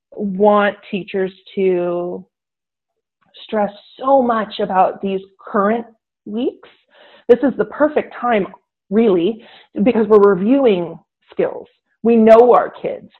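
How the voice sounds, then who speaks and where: A woman teacher, interviewed as a guest, recounts her classroom experiences in a medium-pitched voice. She's animated and acts out classroom dialogue, slipping into her students' voices, while the tinny, narrow audio sounds like a phone call.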